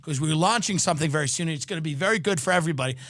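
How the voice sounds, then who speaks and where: A man's voice: fairly high pitch, racing, a bit bright, dry recording, clean studio sound. A man hosting a podcast, delivering a profane, sarcastic comedic rant full of exaggeration. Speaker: podcast host.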